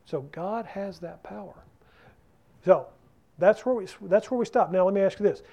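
A man's voice: high-pitched, moderate pace, gravelly, highs cut off. A man teaching a Bible study in a church class room, talking conversationally and keeping the group involved by asking them questions.

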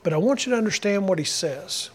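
A man's voice: sits high, lively intonation, a little fast, slightly rough. A male pastor preaching a sermon, emphatic and repetitive, putting direct questions to the congregation. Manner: emphatic, repeating key phrases, asks the congregation questions.

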